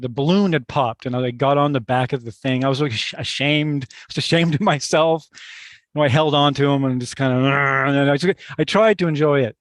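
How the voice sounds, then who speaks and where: A middle-aged man who teaches meditation, telling a personal story in a workshop in a reflective, halting way, with restarts and asides to the listener. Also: mid-range voice, no echo, studio quality.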